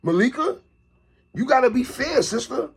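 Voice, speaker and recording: A man delivering an animated opinion commentary monologue, calling out a TV host and repeatedly tacking on "sister, respectfully.". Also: extremely high pitch, normal speed, creaky, breathy edge. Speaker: commentary vlogger.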